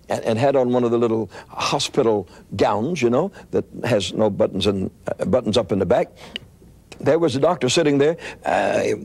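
An older man preaching, telling a story in an animated, anecdotal way with frequent restarts. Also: medium pitch. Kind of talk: storytelling sermon.

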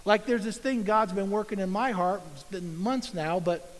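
A pastor preaching a sermon, earnest and conversational, acting out little asides and inner dialogue. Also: male voice, high voice, normal speed, long reverb tail, low-quality recording.

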